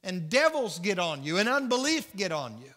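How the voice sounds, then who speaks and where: In a church hall with reverb, a man with a Southern US accent leads a Bible study, preaching earnestly and acting out the voices in his stories. His high voice is pushed and bright, swinging widely in pitch at a moderate pace.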